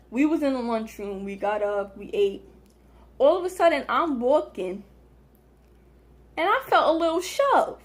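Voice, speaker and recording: Animated young woman telling a story. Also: a little high. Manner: animated, slangy, acts out quotes. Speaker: vlogger. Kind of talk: casual storytelling.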